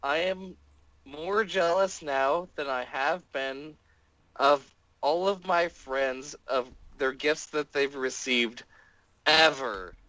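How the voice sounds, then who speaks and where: Excitable higher-voiced male podcast guest. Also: slow, no echo, rough recording. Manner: excitable, stammering, heavy filler words. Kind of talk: casual profane chat.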